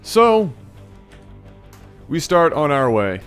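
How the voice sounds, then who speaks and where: A man hosting his channel, telling a funny personal story in an animated, playful way, often correcting himself mid-sentence. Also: fairly high pitch, drawn-out words, clean tone, soft background music. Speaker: channel host. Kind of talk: storytelling vlog.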